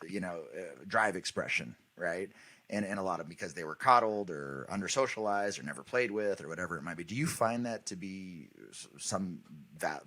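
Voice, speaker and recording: Male podcast host, lively swinging pitch, rambling questions, lots of "mm-hmm". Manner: asks long rambling questions, lots of affirming hums. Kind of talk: casual podcast interview.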